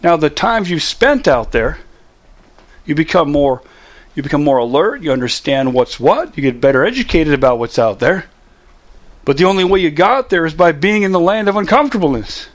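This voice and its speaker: A man's voice: on the high side, very animated, normal speed. Emphatic middle-aged man, motivational talk. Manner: casual and emphatic, with rhetorical questions. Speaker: motivational speaker. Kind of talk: motivational monologue.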